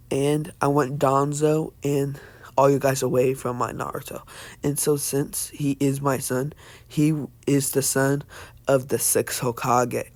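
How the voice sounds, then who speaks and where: Slow, flat-voiced man telling a story. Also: medium pitch. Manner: halting, many fillers and restarts. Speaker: fan fiction storyteller. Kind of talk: improvised story narration.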